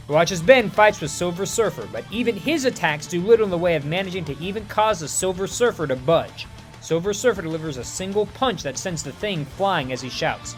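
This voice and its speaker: A man narrating a superhero fan story in an animated storytelling manner. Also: sits high, fairly quick, soft background music.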